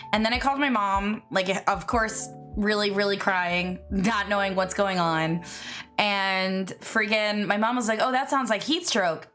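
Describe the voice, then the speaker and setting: Bright, chatty young woman streamer. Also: mid-range voice. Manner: chatty, giggly, greets viewers by name. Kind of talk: casual live-stream chat.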